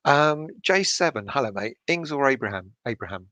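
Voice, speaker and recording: A man's voice: mid-range voice, expressive, moderate pace, bright, forceful tone, dry recording. A middle-aged man hosts a late-night chat, keeping his voice down and swearing freely as he reads viewer comments. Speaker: fan channel host reading live chat. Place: home at night.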